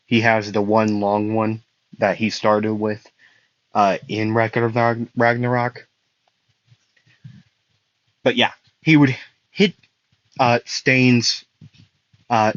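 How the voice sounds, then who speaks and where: A man's voice: mid-range voice, a bit bright, dry recording, muffled recording. A man improvising a fan story, rambling and correcting himself with lots of fillers.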